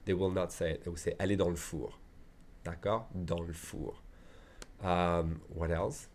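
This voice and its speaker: A man teaching a French lesson, slowly modeling French phrases, adding chatty asides, and checking in with "okay?" after each point. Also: deep voice, steady tone, a little mellow, a little hiss or hum. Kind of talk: online language lesson.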